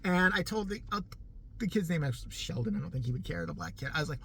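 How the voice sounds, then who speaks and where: Man, middle-aged, vlogger, swooping lively voice, profane casual storytelling, frequent laughter. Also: fairly high pitch, fast, a little hiss or hum. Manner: animated, profane, laughs often while telling.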